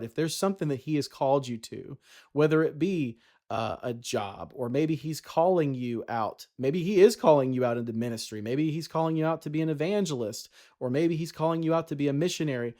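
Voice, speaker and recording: A man's voice: on the high side, expressive, a little fast, dark tone. A man giving a casual devotional talk, chatty, with many fillers and restarts. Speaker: Christian vlogger.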